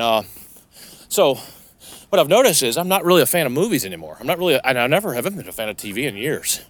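A man's voice: medium pitch, fairly bright tone, a little hiss or hum. A middle-aged man hosting a solo podcast from his vehicle, talking casually and profanely with frequent restarts. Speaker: podcast host. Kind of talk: rambling solo podcast monologue. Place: inside a parked vehicle.

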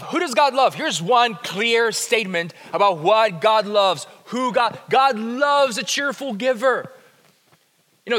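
Guy pastor giving a sermon, goes soft and quiet then loud again, long echo like a big church. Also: high voice. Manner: dynamic, swings from hushed to emphatic.

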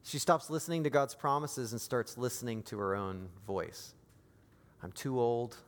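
A man preaching a sermon as pastor, moving from quiet, intimate lines to raised, emphatic appeals. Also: mid-range voice, animated, moderate pace, long reverb tail.

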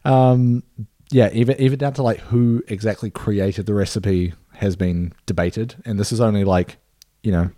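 Laid-back New man, mellow voice. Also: on the low side, steady tone, normal speed, dry recording. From New Zealand. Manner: laid-back, rambling, many fillers and swearing. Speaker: podcast co-host. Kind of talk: casual chat.

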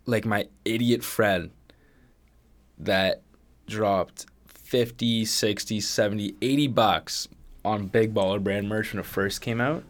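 A young man from Canada co-hosting a podcast in casual chat, crude and animated, swearing often. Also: fairly low pitch, slow. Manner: crude, animated, swears a lot, does impressions. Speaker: podcast co-host.

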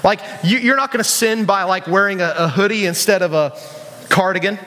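A man's voice: high voice, a little fast, sharp tone, big-room sound. A man preaching a casual sermon to young people, joking and asking the crowd questions. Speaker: youth pastor.

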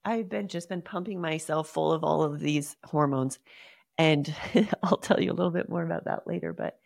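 A woman's voice: low voice, steady tone, moderate pace, creaky, a little mellow, no echo. A woman in her thirties from Utah, hosting a podcast and telling a personal story in an earnest, emotional way, often calling her listeners "guys". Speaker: podcast host.

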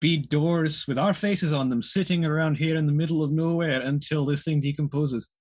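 A man with a husky voice, running a tabletop game and teasing the players in a wry way. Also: a little high, moderate pace, a little mellow. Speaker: game master. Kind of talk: casual game table chat.

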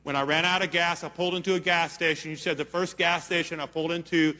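A man's voice: fairly high pitch, fairly even intonation, fast talker, sharp tone. A man preaching a sermon, telling a story in an earnest, emphatic way and checking in with his listeners. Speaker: pastor. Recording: long hall reverb.

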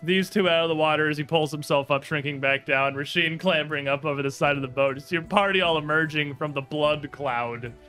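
A man's voice: on the high side, brisk, hardly any pauses, pushed and bright, smooth, faint music behind. A man narrating as game master of a tabletop game, laughing often.

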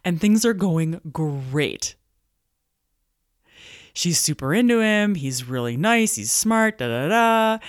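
Lowish woman podcaster from montana, animated storyteller, dry close sound. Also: no room sound. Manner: animated storytelling, acts out quoted voices. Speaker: podcast host and business coach. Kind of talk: solo podcast monologue.

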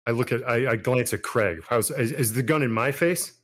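A man's voice: medium pitch, moderate pace, fairly bright tone. Man, tabletop player, casual, in character, talks tough. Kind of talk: playing a tabletop game in character.

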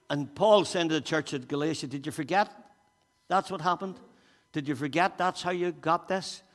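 A man preaching a sermon as pastor, animated and repetitive, turning soft and quiet when he voices a prayer. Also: fairly high pitch. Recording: long hall reverb.

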